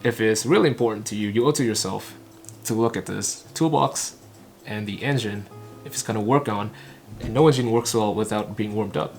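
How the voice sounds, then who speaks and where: This English learner and channel host, from Vietnam and a native Vietnamese speaker, haltingly shadows a recorded talk one line at a time. He speaks in clipped phrases, frequently stumbling and restarting. His voice is on the low side, accompanied by soft background music.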